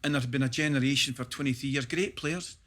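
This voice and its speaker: A middle-aged man with a Scottish accent and a bright, forward voice. He chats casually as a podcast guest, spinning animated stories and laughing through them. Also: mid-range voice, fast talker. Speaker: guest, former footballer. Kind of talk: casual podcast chat, anecdote telling.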